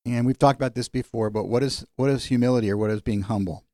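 A man teaching a sermon in a conversational way, slowing down when he quotes scripture. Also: medium pitch, warm tone, no echo, clean studio sound. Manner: conversational, varies pace for emphasis, slows on scripture. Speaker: pastor.

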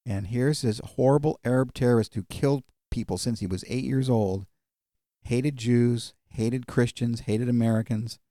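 A male pastor delivers a sermon in an easygoing, storytelling manner, often pausing on fillers. His voice is warm and mellow, in a medium register. The sound is dry, with no room reverb. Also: mid-range voice, steady tone. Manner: conversational storytelling, many fillers.

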